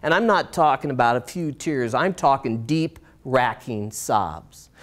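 A middle-aged man giving a live storytelling performance, swinging between bright lifts and hushed, slowed moments, with dramatic pauses. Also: mid-range voice, lively intonation. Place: stage in a small performance space.

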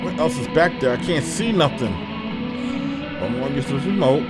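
A young man commentating his own game play, excitable and swearing, shouting in panic at times. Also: medium pitch, normal speed. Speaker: gaming streamer. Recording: game music behind. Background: game music.

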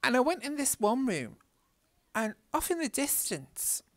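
A man's voice: very high-pitched, big pitch swings, measured pace, dry recording. A man with a Northern English accent, chatting casually and swearing freely as he tells a story while playing a game. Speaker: gaming vlogger.

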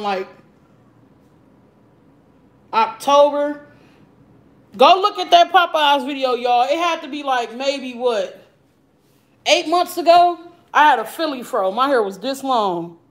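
A woman hosting a live mukbang stream from home, chatting loudly and profanely while answering viewer comments. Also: high voice, low-quality recording. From Arizona. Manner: loud, profane, animated, reading and answering chat comments. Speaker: livestream mukbang host. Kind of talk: casual live-stream chat.

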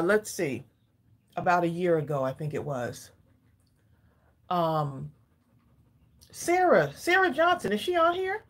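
A woman chats with her live-stream viewers from a home craft room. Her voice is low and a little husky, and she sounds slightly out of breath. She talks casually and calls her audience y'all. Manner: chatty, addresses viewers as y'all. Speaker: craft channel host.

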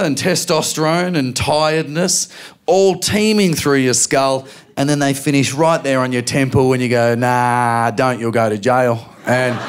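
A man in his forties with an Australian accent, performing a stand-up comedy routine on stage and telling stories with acted-out voices and sudden shouts. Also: fairly high pitch, clean tone. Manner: animated storytelling, acting out voices and shouts. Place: comedy venue stage with a live audience.

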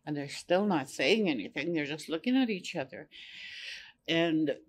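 An older woman whose first language is Cree tells a personal story as an elder on a panel. She speaks gently and unhurriedly and often repeats phrases. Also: deep voice, lively intonation, normal speed, husky. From Saskatchewan, Canada.

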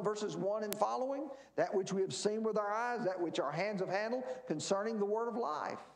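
Guy teaching bible class at church, high lively voice, echoey room, keeps asking and answering his own questions.

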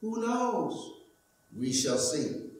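A man voicing a calm, unbothered old male farmer who speaks softly and without hurry. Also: high-pitched, very echoey, distant mic, heavily acted, rough recording. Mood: serene. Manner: soft, calm, unhurried.

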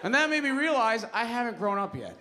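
A young man tells crude, self-mocking stories in a stand-up set, his voice sitting high. The club recording carries clear audience noise behind him. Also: sing-song, fairly quick. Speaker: stand-up comedian. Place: comedy club stage.

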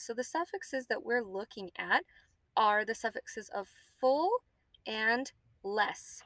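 A woman teacher leading a guided reading lesson for children, spelling words out slowly letter by letter and encouraging her class. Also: on the high side, a bit bright, no room sound. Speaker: elementary school teacher.

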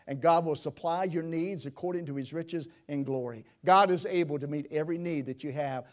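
A man pastor preaching a sermon in a church, rising to loud emphatic peaks and dropping to quiet pleading, with old scripture phrasing. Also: fairly high pitch.

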